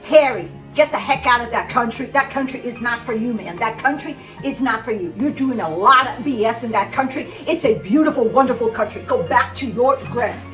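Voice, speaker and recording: A woman's voice: fairly high pitch, expressive, fairly quick, hardly any pauses, a bit bright. A woman vlogger giving casual, sarcastic commentary, scolding and repeating words for emphasis. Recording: roomy sound, distant mic, faint music.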